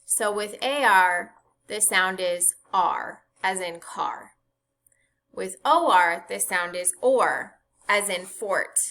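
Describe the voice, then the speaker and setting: A woman gives a scripted phonics lesson, spelling out letters and their sounds one at a time. She talks slowly and carefully, with a bright, clear tone. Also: medium pitch. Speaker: reading teacher.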